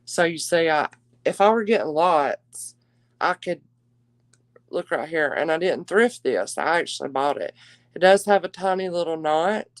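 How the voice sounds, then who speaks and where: Woman, live auction host, lowish voice, dry close sound, chatty and homey. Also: expressive, normal speed, no echo. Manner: chatty, warm endearments to viewers. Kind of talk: live-stream jewelry auction chat.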